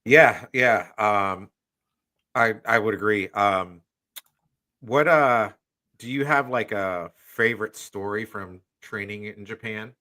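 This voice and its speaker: A man with a fairly low voice and a bright tone hosts a casual podcast. He talks loosely, with plenty of fillers and an exasperated edge. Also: takes it slowly. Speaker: podcast host, martial arts instructor. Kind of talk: casual chat.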